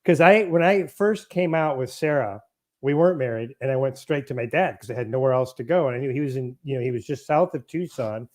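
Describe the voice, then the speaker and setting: A man's voice: mid-range voice, darkish tone. A middle-aged man being interviewed in a casual conversation, rambling and breaking off his own sentences as he speaks bluntly. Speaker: guest.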